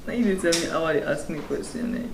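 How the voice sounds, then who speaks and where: High-voiced male interviewer, echoey room. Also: fairly quick. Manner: laughs along, playful questioning. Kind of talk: casual interview questions. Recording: echoey room, clear background noise.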